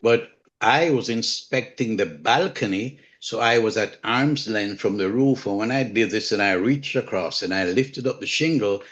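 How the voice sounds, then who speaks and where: Older jamaican man, low-pitched, earnest and measured, muffled lo-fi call audio. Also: fairly bright tone. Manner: earnest, measured, repeats key points. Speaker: home inspector guest. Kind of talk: online community call presentation. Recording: dull lo-fi online call audio.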